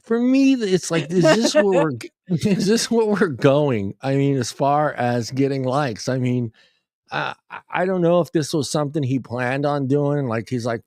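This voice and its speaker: A man's voice: fairly high pitch, measured pace, darkish tone, dry recording, studio quality. A man co-hosting a casual talk show, laughing and rambling with stammering restarts. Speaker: co-host. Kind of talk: casual banter.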